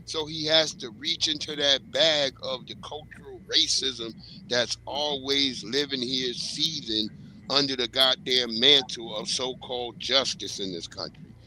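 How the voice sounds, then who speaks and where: A man's voice: medium pitch, unhurried, pushed and bright, a little hiss or hum, rough recording. A man on a casual panel, speaking bluntly and heatedly and swearing freely.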